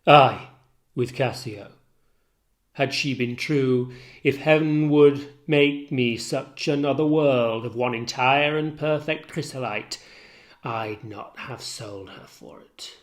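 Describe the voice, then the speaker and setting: A man reading the part of a tormented, jealous general, declaiming verse and swinging between hushed and loud lines. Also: medium pitch, slow pace, lightly acted. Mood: accusing. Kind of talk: dramatic reading of a play.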